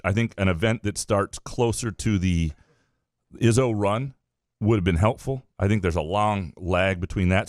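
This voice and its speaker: A man co-hosting a casual sports podcast, talking things through in a measured, hedging way. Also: sits low, no echo, clean studio sound. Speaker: podcast co-host.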